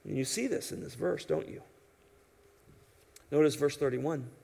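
A man's voice: a little high, unhurried, creaky, dark tone, slightly rough. A man preaching an expository sermon in an emphatic, conversational way, asking his listeners rhetorical questions. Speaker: pastor.

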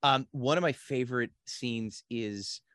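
A man in a casual movie podcast, eager and a bit halting as he describes his favorite scenes. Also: mid-range voice, a bit bright, smooth, no echo, studio quality.

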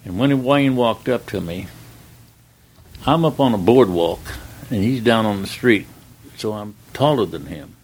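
A man's voice: lowish voice, measured pace, long pauses, a little mellow, husky, low-quality recording. Folksy older man telling stories. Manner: folksy, rambling anecdotes with frequent "uh" and acted-out dialogue. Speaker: stuntman guest telling stories. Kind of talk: casual storytelling interview.

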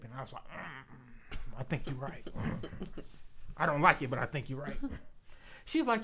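Lively man telling stories. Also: fairly high pitch, unhurried, gravelly, pauses often, slight background noise. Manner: animated storyteller, acts out quotes, laughs often. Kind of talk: casual chat.

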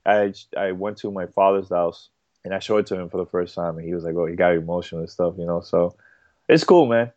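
A man talking as a podcast guest in a casual interview, halting and full of fillers and repeated words. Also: low voice, darkish tone, no room sound. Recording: dull dry podcast audio.

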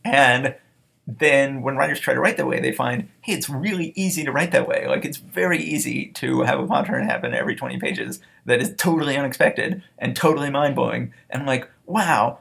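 American man, gravelly voice, animated, casual podcast talk. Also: mid-range voice, brisk. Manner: animated, self-deprecating, laughs often. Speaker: podcast co-host, author.

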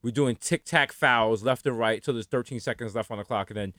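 A man from the United States chatting casually as a podcast co-host, telling animated stories and slipping into comic voice impressions. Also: mid-range voice, brisk, no room sound, clean studio sound. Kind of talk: casual chat.

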